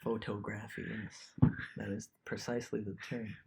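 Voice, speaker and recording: A man's voice: fairly low pitch, little pitch movement, moderate pace, dark tone, breathy edge. A young man co-hosting a podcast, telling rambling stories in casual chat and laughing often. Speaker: podcast co-host.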